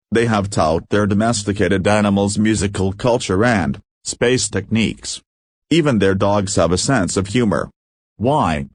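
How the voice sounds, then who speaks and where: Pompous alien leader, male, low and dry, read by a man. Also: dry recording, natural voice. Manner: commanding, self-important. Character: pompous giant-brained male alien leader, easily alarmed.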